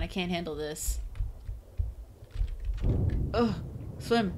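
A woman talks through a video game at a desk microphone, reacting aloud with laughter and frequent swearing. Her delivery is unhurried and drawn out, and a light background hiss sits under her voice. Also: lowish voice. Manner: jumpy, profane, laughing reactions. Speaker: let's play gamer. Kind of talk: live gameplay commentary.

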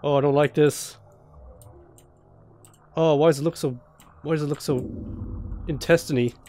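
A man's voice: on the high side, fairly even intonation, normal speed, dark tone, soft background music. A young man playing a horror game blind, jumpy and swearing, laughing nervously as he talks through the scares. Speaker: let's play host.

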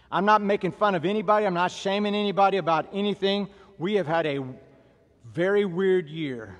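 Southern guy running a bootcamp workout, counting reps drill style, echoey room. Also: sits high. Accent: Southern American. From American South. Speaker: fitness instructor. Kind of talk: workout instruction.

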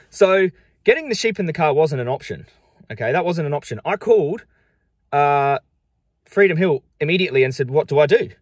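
A man's voice: on the high side, big pitch swings, normal speed, long pauses, husky, no room sound, studio quality. A young man vlogging to camera, upset and frustrated, talking in emphatic, defensive bursts and repeating himself.

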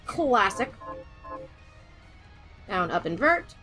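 A woman's voice: high voice, animated, a little fast, a bit bright, soft background music. A woman streaming a video game live, chatting casually with her viewers in a playful, theatrical way. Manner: playful, theatrical spooky greetings.

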